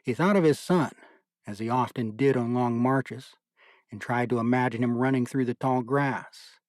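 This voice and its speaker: Measured male audiobook narrator, dry. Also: mid-range voice, darkish tone, no echo. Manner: measured, deliberate storytelling.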